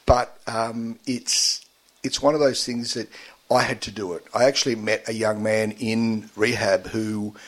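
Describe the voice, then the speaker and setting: A lower-pitched man with a husky, breathy voice, speaking as an interview guest. He talks haltingly, full of restarts and fillers, and his voice shows emotion in a quiet radio studio. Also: flat delivery. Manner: halting, many fillers and restarts, tearful at times.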